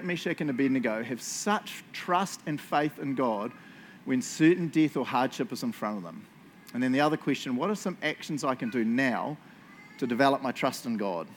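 A man leading a casual Bible study for a group indoors, chatty and jokey, asking the room questions. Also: medium pitch. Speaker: youth or Bible study leader.

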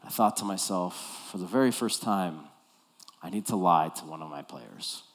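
Man preaching with animated storytelling. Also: low-pitched, moderate pace. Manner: animated storytelling, acts out scenes. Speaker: pastor. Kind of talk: sermon.

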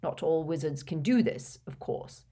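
Woman playing a sneering male professor, cold, dismissive, slow cutting delivery, storybook reading. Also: low-pitched, animated, warm tone. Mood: cold disdain.

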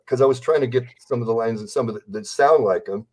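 A man's voice: medium pitch, fast, darkish tone. Rambling, enthusiastic older man. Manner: rambling, enthusiastic, slips into impressions. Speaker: interview guest, celebrity impersonator. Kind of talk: casual podcast interview.

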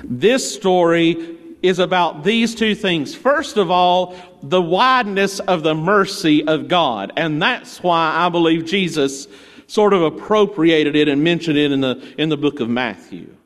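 A man's voice: fairly high pitch, unhurried, big-room sound. A male pastor preaching a sermon in a conversational storytelling way, with playful asides, in a church.

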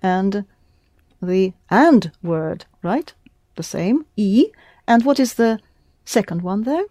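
A woman leads a one-to-one language lesson, patient and encouraging. She says each word slowly and clearly, then repeats it. Her voice is mellow, and the recording is dry and close. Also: medium pitch, lively intonation, no echo. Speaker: language teacher.

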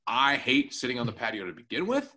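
A man's voice: mid-range voice, fairly quick. A man on a casual podcast, telling a long profane story and acting out what everyone said. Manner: profane, animated anecdote telling with acted-out quotes. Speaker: podcast co-host and new tech guy.

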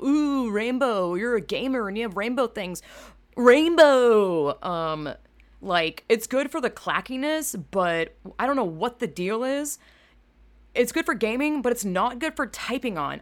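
A young woman hosting a casual solo podcast from home, rambling through animated asides and swearing freely. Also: mid-range voice. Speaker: podcast host. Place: home room at a computer. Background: keyboard clacking.

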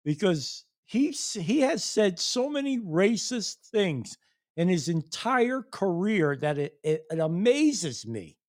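A foul-mouthed man rants to his online viewers in open disbelief, cursing constantly and breaking into incredulous laughter. His voice sits high and leaps all over the place. He talks slowly and heavily. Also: very animated. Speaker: streamer ranting to viewers. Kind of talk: profane political rant.

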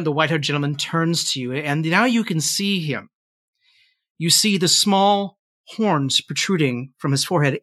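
A man narrating as game master of a tabletop game, telling the story in a relaxed way, with frequent fillers. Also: on the high side, dry recording.

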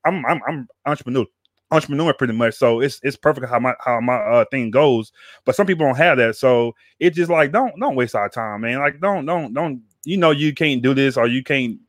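A man hosting a podcast talks at a quick clip, rambling along and circling back on his words with casual slang. His voice sits at an ordinary pitch, and the sound is close and dry with no room around it. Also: dry recording. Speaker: podcast host. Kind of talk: casual chat.

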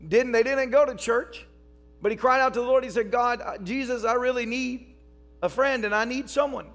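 A man preaching a sermon as pastor, telling stories and rising to shouts. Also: very high voice, fairly even intonation, normal speed, soft background music. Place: church service.

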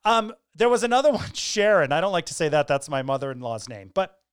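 A woman's voice: low-pitched, very animated, a little fast, smooth, no room sound, studio quality. A woman hosting a podcast, chatting loosely, laughing often and swearing freely. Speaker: podcast host. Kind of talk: casual chat.

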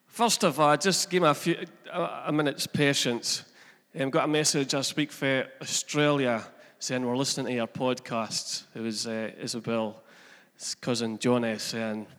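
A man's voice: mid-range voice, steady tone, unhurried, a bit bright. Man preaching in an echoing church hall. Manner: earnest, building preaching energy with asides to the congregation. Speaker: pastor. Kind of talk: sermon.

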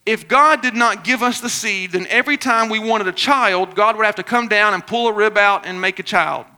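High, bright-voiced energetic male preacher. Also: normal speed, clear, resonant tone. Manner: energetic preaching with sudden shouts and soft asides. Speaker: pastor. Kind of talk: sermon.

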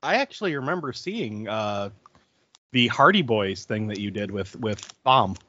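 Male co-host, slow and hesitant, bright, lively pitch, dull lo-fi audio. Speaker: podcast co-host. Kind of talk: casual chat. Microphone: remote call mic.

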